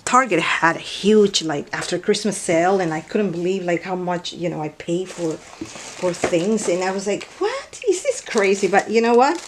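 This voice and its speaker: A woman chatting casually while unboxing mail, gushing and exclaiming over each item and often dropping to a soft near-whisper, indoors at night. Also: on the low side, normal speed, slight background noise. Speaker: craft vlogger unboxing mail.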